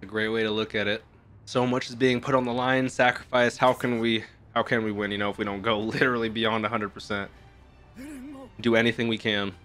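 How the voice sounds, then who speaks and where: Excitable man reacting to anime. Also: on the low side, brisk, soft background music. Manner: excitable, swings from hushed awe to loud outbursts; casual slang, swearing. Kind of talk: live reaction commentary.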